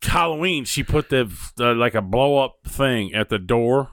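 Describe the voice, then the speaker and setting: A middle-aged man co-hosting a podcast, telling profane, animated stories in casual chat. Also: medium pitch, a little slow, no room sound, clean studio sound. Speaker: podcast co-host.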